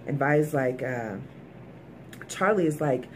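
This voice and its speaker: A woman's voice: rumbling low, animated, measured pace, slight background noise. A woman recapping a TV episode in a casual, emphatic way, talking straight to her viewers. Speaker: TV episode reviewer.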